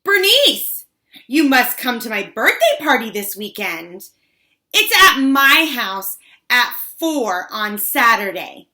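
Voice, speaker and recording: A woman's voice: very animated, a little slow, heavily acted. A woman voicing a bossy fifth-grade girl who gushes to impress adults, in an audiobook reading. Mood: gushing. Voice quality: high, loud, showy sweetness.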